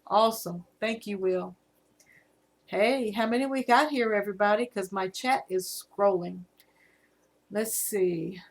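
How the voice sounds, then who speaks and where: A woman's voice: medium pitch, unhurried. A woman in her fifties with a Southern US accent, casually chatting on a live stream and reading viewer comments aloud. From Virginia, USA. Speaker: livestream host.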